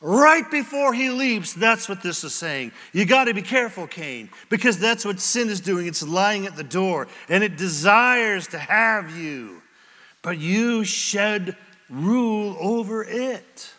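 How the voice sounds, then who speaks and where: A man preaching a sermon as pastor, with an animated, dramatic delivery and many questions put to the congregation. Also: high voice, unhurried, in a large hall. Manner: asks the congregation rhetorical questions.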